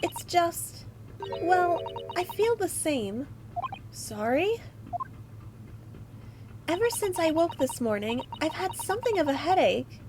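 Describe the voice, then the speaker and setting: Woman voicing a soft, polite young assistant. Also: very high voice, very animated, slow pace, long pauses, noisy background, heavily acted. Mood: gentle. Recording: lo-fi music playing behind.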